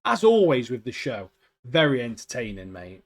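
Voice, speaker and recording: A man's voice: mid-range voice, sing-song, normal speed, crowd noise. A man co-hosting a podcast, chatting casually and bluntly about a TV show, with "mate" at the end of many sentences. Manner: blunt, opinionated, peppers talk with "mate". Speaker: podcast co-host. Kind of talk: casual chat reviewing a TV show.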